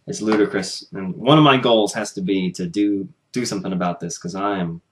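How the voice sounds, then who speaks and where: A young man records a casual vlog at home, ranting in frustration and swearing freely. His voice sits a little low, and it comes through a plain camera mic. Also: a little fast, slight background noise. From United States. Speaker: vlogger.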